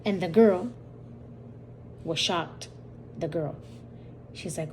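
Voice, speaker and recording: A woman's voice: on the low side, takes it slowly, a little mellow, a little hiss or hum. A woman hosting her own channel, casually retelling a dream in a rambling, repetitive way full of quoted dialogue. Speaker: channel host. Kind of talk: casual storytelling about a dream.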